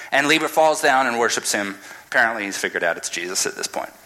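A man's voice: mid-range voice, lively intonation, fast talker, bright, forceful tone, rough recording. A man giving a casual, humorous sermon, retelling a scripture story dramatically.

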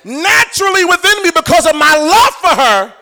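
A man's voice: very high voice, big pitch swings, moderate pace, bright, forceful tone. A middle-aged man preaching a live sermon in church, joking with and coaxing the congregation.

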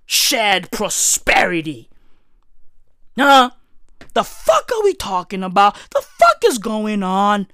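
A young adult woman from South Africa with a South African accent, delivering a loud, profane comedic rant, often shouting. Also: medium pitch, huge pitch swings, slow, no echo, clean studio sound.

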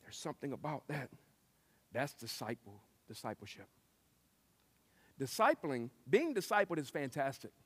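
A man preaching a sermon, telling stories and acting out quotes with lively shifts. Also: medium pitch, normal speed, pauses often, husky. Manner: lively storytelling with acted-out quotes. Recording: long hall reverb.

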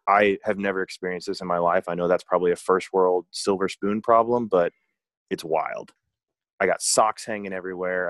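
A man's voice: deep voice, dry recording, studio quality. A man co-hosting a podcast, telling rambling joking stories in casual chat. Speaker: podcast co-host. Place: travelling abroad, indoors.

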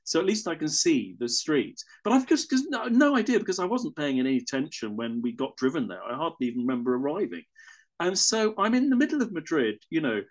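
A little high, very animated, and brisk, this English man's voice carries a casual personal anecdote. It wanders, he often fixes his wording mid-sentence, and there are chuckles throughout.

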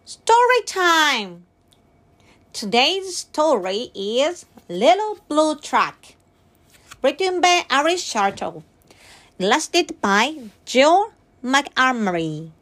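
Woman, preschool English teacher, picture book read-aloud, slow, sing-song, animated, very high.

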